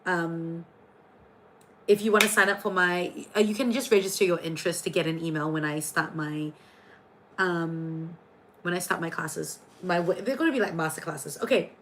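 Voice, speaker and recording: A woman's voice: lowish voice, moderate pace, a little hiss or hum, rough recording. A woman hosting a casual astrology and tarot livestream, chatty and playful, jumping between viewer comments.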